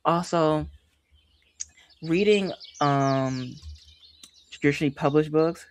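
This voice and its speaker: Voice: mid-range voice, measured pace. Chatty emphatic book streamer. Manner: emphatic, repeats phrases for effect; chatty and animated, addresses viewers directly. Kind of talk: casual livestream chat.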